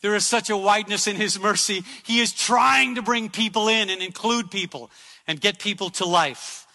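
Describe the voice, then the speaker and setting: A man's voice: high voice, moderate pace, bright, forceful tone, long reverb tail. A man preaching a sermon in an emphatic style, repeating phrases for effect. He speaks from a church sanctuary.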